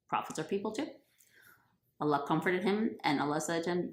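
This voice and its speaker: A woman narrating a religious tale in a casual, joking tone, full of slangy asides. Her voice sits a little low. The recording carries a roomy echo. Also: brisk, long pauses. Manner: playful, chatty, slangy. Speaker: storyteller. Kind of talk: casual comic retelling of a religious story.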